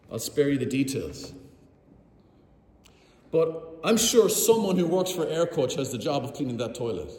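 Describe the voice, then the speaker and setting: Preacher in an echoing hall. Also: male voice, medium pitch, warm tone. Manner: vivid storytelling, addresses the congregation. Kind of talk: sermon. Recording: roomy hall with long reverb.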